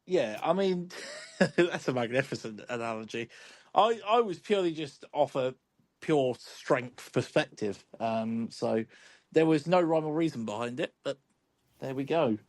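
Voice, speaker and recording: A man's voice: medium pitch, lively intonation, unhurried, dry recording. A man hosting a football podcast, laid-back and chuckling, with lots of ums. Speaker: podcast host. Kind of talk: casual chat.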